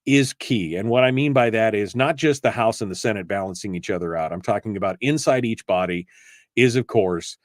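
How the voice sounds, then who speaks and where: A man's voice: fairly low pitch, no room sound, clean studio sound. A man hosting a casual political talk radio show, chatty and joking, with many fillers and restarts. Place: radio studio.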